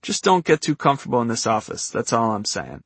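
A man doing a gravelly, smirking boss. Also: mid-range voice, very animated, a little fast, no room sound. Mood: teasing. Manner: mocking, smug.

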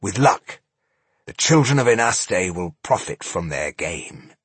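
A man voicing a fierce, cunning female elf warrior who speaks sharply and scornfully, with a husky voice. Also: low-pitched, very animated, a little slow, dry recording, full character voice. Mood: scheming.

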